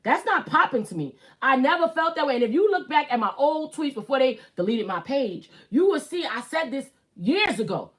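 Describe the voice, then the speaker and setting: A woman's voice: high-pitched, very animated, normal speed, few pauses. Blunt Brooklyn woman ranting live. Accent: Brooklyn New York. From Brooklyn, New York. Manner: blunt, profane, emphatic, repeats herself for emphasis. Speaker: YouTube live host. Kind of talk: casual live-stream rant.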